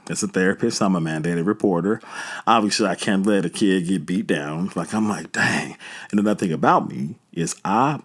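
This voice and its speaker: A man's voice: sits low, normal speed, breathy edge. Laid-back man telling a story. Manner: relaxed, chatty, slangy storyteller. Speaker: podcast host. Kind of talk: casual storytelling.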